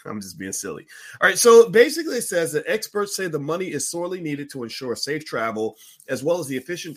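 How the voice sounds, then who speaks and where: A man with a fairly high, slightly bright voice hosts a finance livestream. He chats casually, full of fillers and restarts, and now and then flares up in mock outrage.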